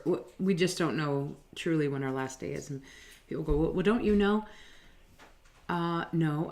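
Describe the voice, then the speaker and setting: A woman co-hosting a casual spiritual chat at home, animated and quick to laugh, who works as a channeler. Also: low-pitched. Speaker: channeler and co-host. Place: home table.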